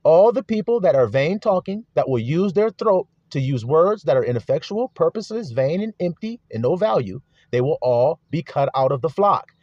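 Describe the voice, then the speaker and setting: Male preacher, sermon teaching, repetitive and questioning, animated pitch, dry close recording. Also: moderate pace, hardly any pauses, no room sound, dull audio. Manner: repetitive chanting emphasis, rhetorical questions to the flock.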